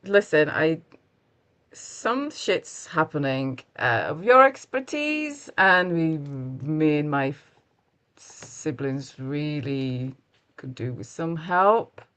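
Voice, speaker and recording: A man playing a tabletop game, talking in character and out, slow and rambling with fillers. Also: fairly high pitch, sing-song, fairly bright tone, clean tone. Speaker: player. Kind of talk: casual in-character play.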